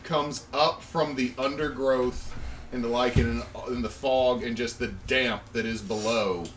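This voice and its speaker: A man narrating a tabletop game as game master, describing the scene in a slow, descriptive way with fillers. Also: medium pitch, fairly even intonation, fairly bright tone. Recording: distant mic with faint noise.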